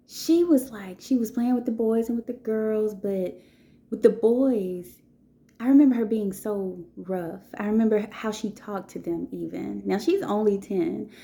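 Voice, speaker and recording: A woman in her thirties speaks to her viewers in a relaxed, conversational monologue. Her voice is dark and mellow. She keeps checking in with "okay?" and "you know" as she goes. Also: medium pitch. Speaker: vlogger. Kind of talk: casual storytelling monologue.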